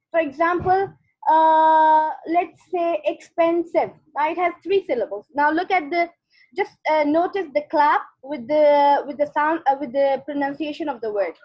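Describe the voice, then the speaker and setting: A woman with a high voice teaches grammar over an online class, talking her students patiently through each step. Her sound is dull and lo-fi, as from a computer mic on a call. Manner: patient, explains step by step with repeated "okay".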